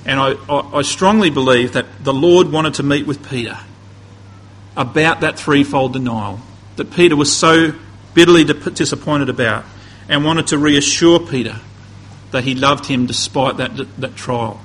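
A man's voice: mid-range voice, normal speed, fairly bright tone, breathy edge, poor audio. A man preaching a conversational sermon, building to emphatic peaks and often restarting his phrases.

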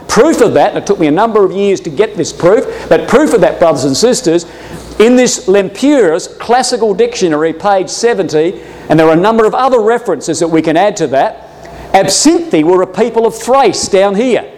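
A man teaching a Bible class to a live audience, jokey and animated, often addressing his listeners as brothers and sisters. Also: sits high, normal speed. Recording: long echo of a hall.

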